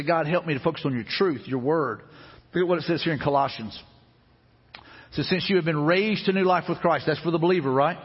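A man's voice: a little high, husky, long reverb tail, lo-fi sound. A man preaching a sermon as pastor in a church, earnest and repetitive, speaking prayers aloud. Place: church sanctuary.

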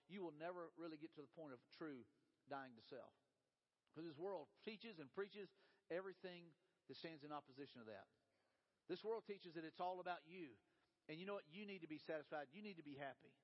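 A man preaching a sermon as a pastor, with a folksy storytelling manner, sinking into a soft, low voice for quotes. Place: church sanctuary. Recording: dull reverberant church hall.

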